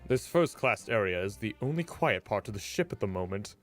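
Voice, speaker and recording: A man's voice: fairly low pitch, animated, fairly quick, a bit bright, faint music behind. A man voicing a middle-aged police inspector with a stiff, formal delivery.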